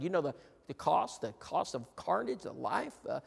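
Middle-aged male preacher with a high voice, hushed then rousing, in a reverberant hall. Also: lively intonation, brisk, gravelly, slightly rough. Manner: emphatic, repetitive, swings between hushed and rousing. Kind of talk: sermon. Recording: long reverb in a large hall.

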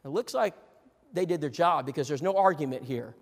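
A man preaching a sermon, swinging between loud proclamation and quiet asides. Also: fairly high pitch, expressive, a little fast. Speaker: pastor. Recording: long reverb of a large hall.

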